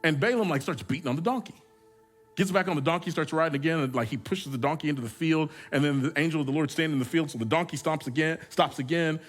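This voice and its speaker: A man pastor preaching a sermon, telling stories in a casual, joking way with frequent restarts. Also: a little high. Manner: conversational, humorous storytelling with repeated restarts.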